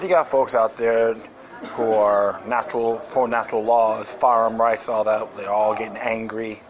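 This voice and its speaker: A man's voice: medium pitch, rough recording. A man hosting a podcast, talking in a rambling, sarcastic casual monologue. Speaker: podcast host.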